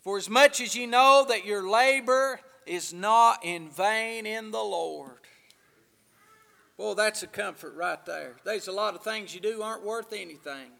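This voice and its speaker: A male preacher with a very high, bright, tense voice and a gravelly rasp in it. He delivers his sermon in waves, dropping to near-hushed asides and then swelling into loud, stretched-out declarations. The sound carries a long reverb from a church hall. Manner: swings from hushed asides to loud, drawn-out emphasis.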